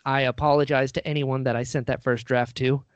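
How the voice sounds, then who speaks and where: A man's voice: mid-range voice, little pitch movement, fairly quick, dry recording. A man, a guest on an interview show, telling a story in a casual, self-deprecating way, acting out the voices he quotes. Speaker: podcast guest, actor and writer. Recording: dull lo-fi dry recording.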